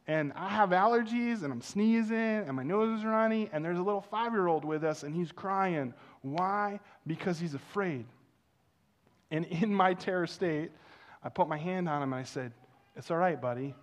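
Animated male preacher, high-ish voice. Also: moderate pace. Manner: animated storytelling, swings from loud to hushed. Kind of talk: sermon with personal story. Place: church.

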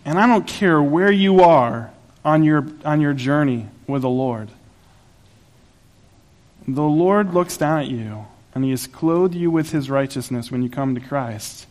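A man's voice: on the high side, unhurried, darkish tone. A pastor preaching a sermon to his congregation in a conversational, humorous way, laughing at his own asides. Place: church sanctuary.

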